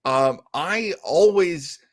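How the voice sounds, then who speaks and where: Rambling, lively-voiced male show host. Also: fairly high pitch, extremely slow, no room sound. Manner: rambling and self-mocking, many fillers. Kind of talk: casual live-stream chat.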